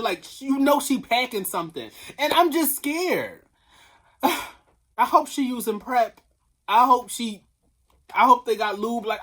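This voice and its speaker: A woman venting in a casual vlog rant, sassy and rambling, talking straight to her viewers and swearing freely. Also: a little high. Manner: bursts into loud laughing, shrieking tangents. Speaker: vlogger. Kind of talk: casual commentary rant to camera.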